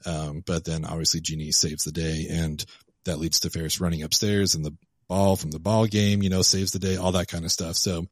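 A man with a very low voice talks casually as a podcast guest. He rambles, leaning on filler words as he retells a scene. The sound is dry and close. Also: level tone, fairly quick, no room sound. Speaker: guest co-host. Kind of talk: casual podcast film discussion.

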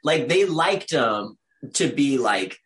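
A man's voice: medium pitch, sing-song, takes it slowly, fairly bright tone. A man co-hosting a casual film discussion, joking and laughing often as he talks. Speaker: podcast co-host.

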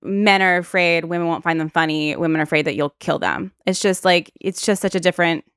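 Hesitant woman with lower voice. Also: brisk, fairly bright tone, clear, resonant tone, no echo, clean studio sound. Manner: agreeing, hesitant, many fillers. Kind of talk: casual podcast conversation.

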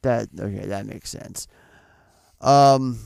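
A man's voice: medium pitch, takes it slowly, creaky, darkish tone, smooth, dry recording. A man hosting a casual film podcast, reading trivia and swearing freely in a laid-back way. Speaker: podcast host.

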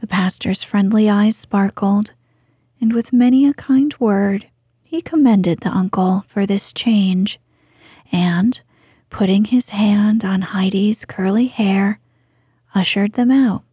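Slow, breathy woman whispering a bedtime story. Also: medium pitch, no echo, clean studio sound. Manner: soothing, slow and hushed.

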